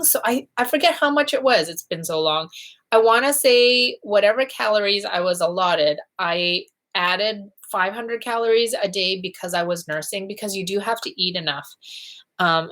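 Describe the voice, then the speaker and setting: A woman in her thirties chatting casually on a live stream, telling stories and acting out the people in them in lively quoted voices. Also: mid-range voice. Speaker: vlogger hosting a live chat.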